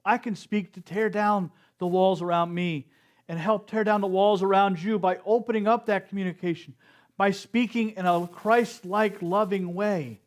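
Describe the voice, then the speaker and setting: Male speaker, middle-aged, higher register, slow earnest sermon delivery. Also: steady tone. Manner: slow, earnest preaching with acted-out quotes. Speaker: speaker at a spiritual center service.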